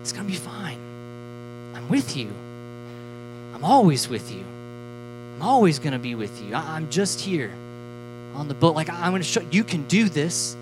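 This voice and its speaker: Preacher doing gentle Jesus, quiet, soothing, unhurried. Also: mid-range voice, big pitch swings, music in the background, close to an everyday voice, rough recording. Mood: reassuring. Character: calm reassuring Jesus speaking to his disciples.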